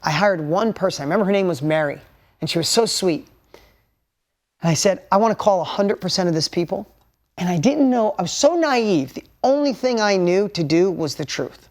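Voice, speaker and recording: A man's voice: sits high, expressive, fairly quick. A man giving a motivational storytelling talk to an audience, candid and blunt with casual swearing, openly emotional, and urging listeners to take notes. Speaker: motivational business speaker.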